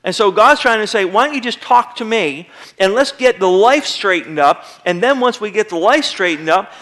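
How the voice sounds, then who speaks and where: In a church sanctuary, an American male pastor preaches conversationally to his congregation, now and then acting out short quoted voices. His voice is high-pitched and a bit bright.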